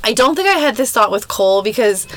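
A woman's voice: on the high side, animated, fast talker, low-quality recording. Frank, joking woman in her thirties. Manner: frank, joking, laughs often. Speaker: podcast co-host. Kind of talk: casual chat.

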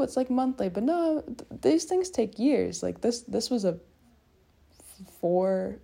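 A woman's voice: mid-range voice, gravelly, warm tone. A young woman rambling through a personal monologue, musing and self-mocking as she talks in loose circles. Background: people faintly heard in the hallway.

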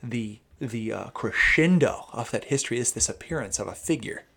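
Gravelly man teaching scripture casually. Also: mid-range voice, normal speed. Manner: rambling, animated explainer who quotes Hebrew. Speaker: Bible teacher. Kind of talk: casual podcast conversation.

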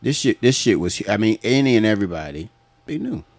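A man spins a story on a podcast in a loose, swearing style, breaking into laughter as he goes. His pitch swings widely from line to line. The sound is dry and close. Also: quick pace, no echo. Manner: animated, profane, laughing often. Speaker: podcast host. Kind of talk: casual storytelling chat.

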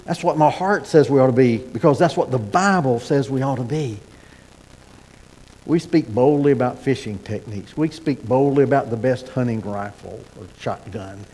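A middle-aged man preaching a sermon as pastor, folksy and animated with asides and repeated starts. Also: medium pitch, normal speed. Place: church sanctuary. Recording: sermon in a hall with long reverb.

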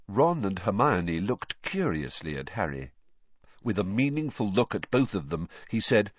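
A man narrating an audiobook with expressive storytelling, on a dull lo-fi recording. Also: low voice, normal speed, breathy edge, dry recording. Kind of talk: audiobook reading.

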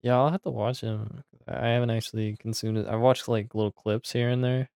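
A man's voice: mid-range voice, steady tone, a little fast, gravelly, darkish tone, smooth, dry recording, studio quality. A young man in casual podcast chat, laughing often and teasing himself. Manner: laughing, self-mocking banter.

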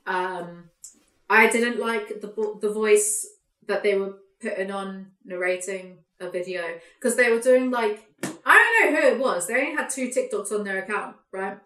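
A woman hosting a podcast, ranting in a casual chat, animated, sweary and sarcastic. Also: medium pitch, moderate pace, echoey room. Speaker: podcast host, YouTuber.

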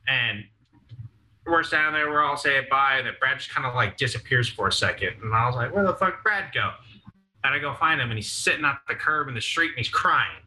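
In a rough recording, a young male podcast guest talks fairly quickly in a bright, forceful, mid-range voice. He tells rowdy stories casually, cursing freely, laughing, and performing the quotes of the people involved.

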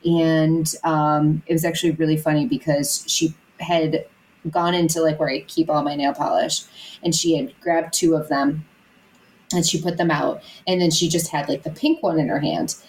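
A woman's voice: deep voice, steady tone, normal speed, a little mellow, poor audio. A young woman co-hosting a podcast, chatting casually and rambling with lots of filler words and restarts. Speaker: podcast co-host. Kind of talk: casual chat.

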